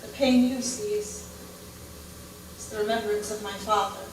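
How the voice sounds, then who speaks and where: A woman's voice: mid-range voice, steady tone, moderate pace, close to an everyday voice. A woman playing a nervous young hotel heiress who stammers and repeats her words, acting on a theater stage recorded from afar. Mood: sorrowful. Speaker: stage actress. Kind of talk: live stage musical dialogue. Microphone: far room mic. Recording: echoey stage from far off, faint hiss.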